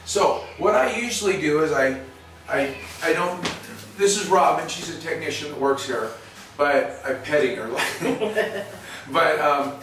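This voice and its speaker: A veterinarian explains and demonstrates in a clinic exam room, folksy and rambling with many restarts. His voice is fairly high and a bit bright, with lively intonation at a measured pace, and the recording is roomy and distant with faint noise.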